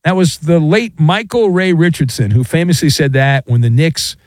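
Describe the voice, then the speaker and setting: A man's voice: a little high, normal speed, no echo. A man giving jokey, theatrical solo sports commentary. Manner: theatrical, jokey, mock sound effects.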